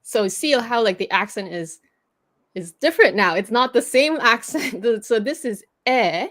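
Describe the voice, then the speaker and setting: A woman's voice: fairly high pitch, expressive, normal speed, fairly bright tone. A woman hosting a livestream, patiently explaining pronunciation rules step by step and laughing easily. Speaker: host teaching pronunciation.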